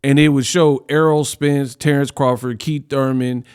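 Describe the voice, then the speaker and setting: A man hosting a boxing news channel, giving casual reaction commentary in an animated, slangy way. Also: mid-range voice, smooth. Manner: animated, slangy, fast banter.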